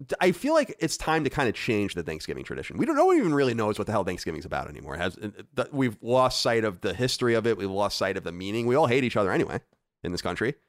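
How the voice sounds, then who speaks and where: A man hosting a podcast, chatting casually in an animated, profane, ranting way. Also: fairly low pitch, very fast, no room sound, studio quality. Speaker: podcast host. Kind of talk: casual chat.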